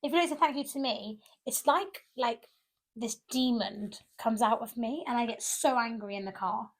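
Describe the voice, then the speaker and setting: A young woman, co-hosting a chatty podcast, talks in an emphatic, indignant way. Her voice is quite high. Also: normal speed. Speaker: podcast co-host. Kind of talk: casual chat.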